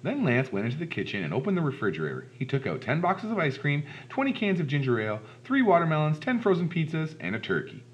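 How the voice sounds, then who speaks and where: A man reading a children's storybook aloud in an expressive, animated way. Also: a little high, fast talker, hardly any pauses. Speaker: storybook reader. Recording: dull lo-fi recording.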